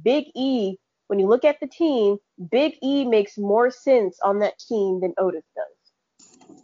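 A woman's voice: fairly high pitch, takes it slowly, mellow, breathy edge, dry recording. A woman co-hosting a podcast in casual chat, rambling and often restarting her sentences. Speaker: podcast co-host. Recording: dull, dry, lo-fi podcast audio.

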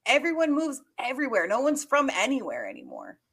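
A woman's voice: high voice, wildly swooping pitch, fairly quick, fairly bright tone, breathy edge. A woman from Georgia co-hosting a podcast, talking casually and bluntly about a film. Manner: emphatic, blunt, swears freely. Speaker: podcast co-host. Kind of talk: casual chat, film review.

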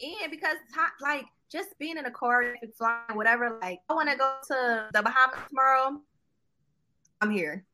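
A young woman guest in a casual interview chat, relaxed and candid, laughing a lot. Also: high voice, normal speed.

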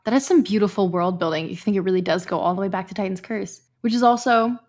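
A woman hosting a book-club podcast, chatting excitedly and reading narration aloud. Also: mid-range voice, quick pace. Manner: chatty, filler-heavy, excitable. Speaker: podcast host.

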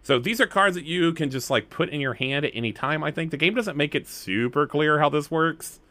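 A man from Alabama, narrating a tabletop game as game master in a rambling, lively way. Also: a little high, fairly quick. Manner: rambling and lively, explaining rules aloud.

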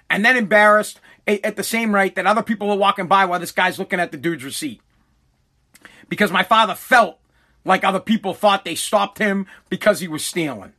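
Middle-aged man, high bright voice, blunt profane ranting host. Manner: profane, blunt, rambling storyteller. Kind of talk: ranting comedic monologue.

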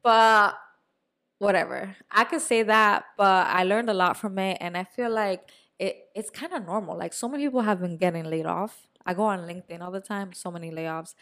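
A young woman co-hosting a podcast, telling a story in a casual, animated way, now and then swearing and dropping in Spanish words. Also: mid-range voice, normal speed. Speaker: podcast co-host. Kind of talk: casual chat.

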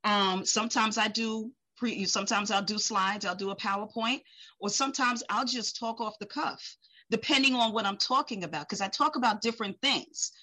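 A woman from the Caribbean, a guest speaker in a casual interview, telling lively stories, acting out quotes and laughing often. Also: medium pitch, normal speed, rough recording.

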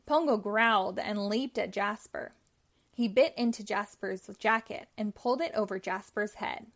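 A woman reading a children's storybook aloud, telling it clearly and expressively. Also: medium pitch, normal speed. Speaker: storybook reader.

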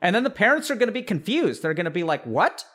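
A man's voice: sits high, very animated, rapid-fire, a bit bright. A man hosting a podcast, giving casual mental health advice to a live chat in a direct, coaching way with frequent check-ins.

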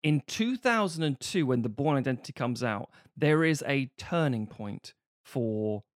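An animated man from the UK co-hosts a casual film podcast, dropping into comic bits and swearing freely. His voice sits at an everyday middle pitch and comes across dry and close to the mic. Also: a little slow, dry recording. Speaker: podcast co-host.

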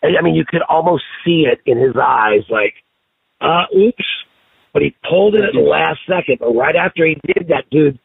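A man on a podcast telling stories in a casual, profane, animated way. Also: a little high, fairly quick, gravelly, hardly any pauses, breathy edge, no room sound. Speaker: podcast guest. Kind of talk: casual storytelling chat. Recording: tinny phone-line sound.

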